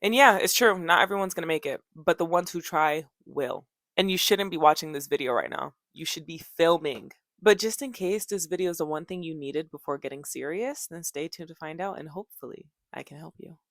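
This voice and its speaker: A woman's voice: deep voice, fairly quick, hardly any pauses, a bit bright, no echo, studio quality. A young woman talking casually to her viewers in a vlog, chatty and playful, addressing them directly. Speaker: YouTuber. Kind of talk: casual vlog talk to camera.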